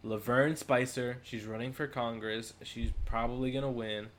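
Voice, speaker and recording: A young man co-hosting a casual podcast, relaxed and slangy and quick to laugh. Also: mid-range voice. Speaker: podcast co-host.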